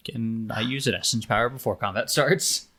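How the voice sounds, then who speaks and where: A man's voice: mid-range voice, moderate pace, bright, forceful tone, breathy edge. A man playing a tabletop game, casually explaining rules with care. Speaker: player.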